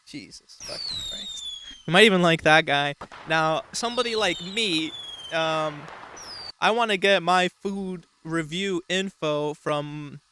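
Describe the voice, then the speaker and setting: Bright-voiced man riffing deadpan. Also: on the high side, a little slow, slight background noise. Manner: deadpan mock-serious, rambling, swears. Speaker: show host. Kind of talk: casual comedic commentary.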